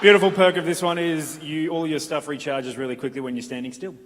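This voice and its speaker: A man's voice: a little high, steady tone, fast talker. An Australian man co-hosting a convention panel, dryly explaining silly made-up game perks and laughing along. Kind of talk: comedic live panel banter. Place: convention hall stage. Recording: live hall with reverb and faint hiss.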